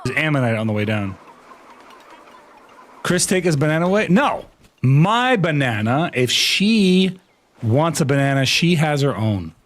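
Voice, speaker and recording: A man streaming a game live, talking playfully with a co-player and breaking into goofy shouted chants as he narrates his moves. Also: on the high side, expressive, normal speed, pauses often. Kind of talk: live gaming stream commentary.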